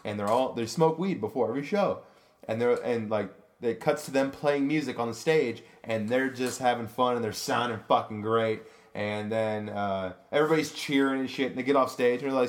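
A man's voice: mid-range voice, moderate pace. A man, a comedian co-hosting a podcast, telling a story in a loose, profane way and acting out the voices in it. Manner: animated, profane, acts out quotes in his story. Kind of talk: casual storytelling chat.

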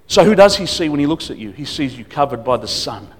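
A man preaching as a guest speaker at a church service, emphatic, swinging between loud declarations and quiet asides. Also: fairly high pitch, big pitch swings, fast. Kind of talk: sermon.

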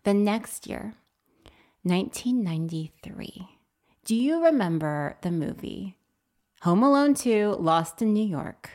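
A woman telling a childhood story in casual podcast chat, lively and quick to act out the people she quotes. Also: mid-range voice. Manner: animated, acts out quoted voices.

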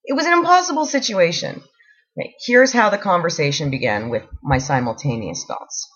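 Husky woman reading her own blog, wry and self-mocking, voice all over the place, kinda muffled lo-fi audio. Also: on the low side, animated, a little fast, a bit bright.

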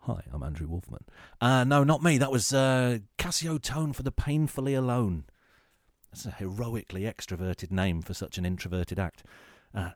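A man hosting a spoof hospital radio show, delivering a sarcastic comic monologue with deadpan mock-grand phrasing. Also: medium pitch, normal speed, dry recording, studio quality. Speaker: host of a comedy radio show.

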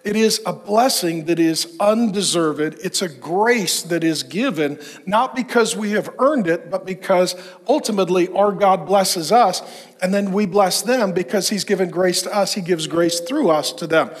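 Emphatic high-voiced male preacher. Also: normal speed. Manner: emphatic, rhetorical questions, lists. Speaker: pastor. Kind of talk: sermon to men.

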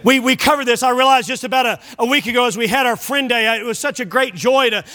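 A male pastor preaching an impassioned sermon, often shouting and calling listeners "friend.". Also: very high voice, quick pace.

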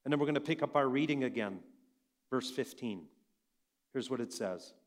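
A pastor giving a sermon to his congregation. His voice climbs high and loud for emphasis, then drops to near a murmur. The pitch is lively and wide-ranging throughout. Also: moderate pace. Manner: swings between loud emphatic and hushed.

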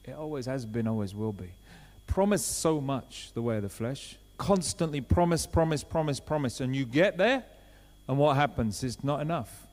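A man's voice: medium pitch, lively intonation, moderate pace. Preacher man in a reverberant hall. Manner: conversational, swings from quiet asides to loud urgent appeals. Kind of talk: sermon.

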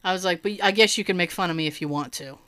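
Speaking very fast in a lowish voice, a woman tells a story in casual chat, acting out others' words and laughing often as an animated storyteller. She has hearing loss in her right ear.

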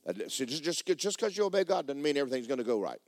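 A pastor, preaching a sermon and telling a personal story with emotion, often repeating himself and speaking straight to the congregation. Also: male voice, mid-range voice, big pitch swings, quick pace, dry recording.

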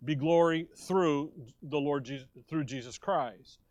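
A man's voice: fairly high pitch, measured pace, a little mellow, no room sound. An American man preaching a sermon in a conversational way, restarting phrases and stressing key words. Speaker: pastor. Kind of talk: expository sermon.

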